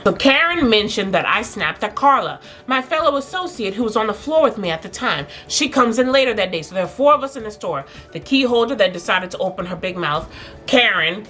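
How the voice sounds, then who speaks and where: With faint music playing behind her, a young woman vlogger tells a personal story from her workplace, casual and animated, laughing now and then. Her voice is mid-range.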